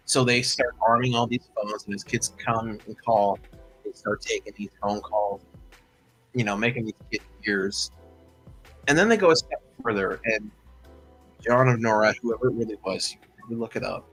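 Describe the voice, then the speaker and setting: A man's voice: on the low side, moderate pace, a bit bright, faint music behind, poor audio. A man hosting a livestream, telling a story in a chatty, rambling way full of asides. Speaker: host.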